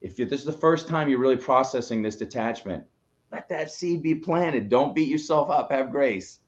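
A man's voice: medium pitch, lively intonation, moderate pace, highs cut off. A man co-hosting a motivational live show, coaching listeners in an emphatic, preachy way and swearing now and then. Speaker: co-host, coach.

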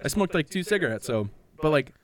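A man telling a story in a casual, profane chat, acting out quotes with lively energy. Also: fairly high pitch, quick pace.

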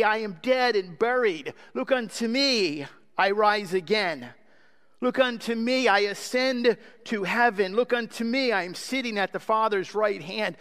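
A man's voice: extremely high pitch, a bit bright. A man voicing a plain-spoken, homespun lay preacher who urgently pleads with his listeners. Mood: pleading. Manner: urgent, repetitive exhortation. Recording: long hall reverb.

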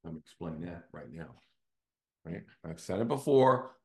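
Man, fairly low voice, casual storyteller, show host, conversational, keeps checking in with listeners. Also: expressive, moderate pace, warm tone. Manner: conversational, often checks in with "right?". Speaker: real estate team CEO hosting a show.

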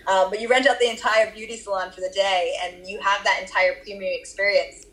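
A woman's voice: mid-range voice, steady tone, brisk, a bit bright, poor audio. A woman with a Boston accent answering interview questions about her research, explaining at length with occasional fillers. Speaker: research guest.

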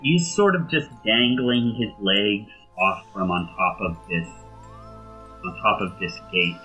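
Brief: low-voiced man running a tabletop game, chatty narration, faint music underneath. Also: bright, forceful tone, highs cut off. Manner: filler-heavy, descriptive, unhurried narration. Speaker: game master.

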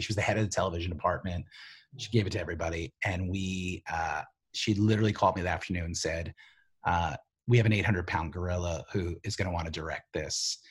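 A man who writes for television, telling stories from his career in a rambling, animated way, full of "like" and "you know.". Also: low voice, husky. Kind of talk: casual storytelling interview.

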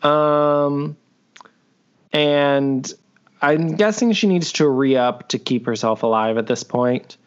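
A podcast co-host with a highish, clean-toned voice talks slowly as he recaps an episode over a video call, cracking profane jokes and performing the characters' dialogue. The recording is lo-fi and muffled.

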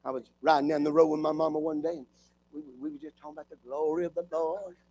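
A man preaching a fervent revival sermon in a church, building from steady talk up to shouting. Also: a little high, fast, breathy edge. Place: church with live congregation.

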